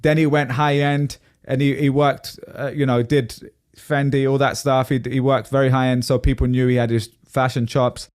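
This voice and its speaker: A man's voice: mid-range voice, level tone, normal speed, few pauses, a little mellow, clean tone. A man co-hosting a podcast in casual chat, talking at length and laughing easily. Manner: chatty and rambling, laughs easily. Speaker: podcast co-host.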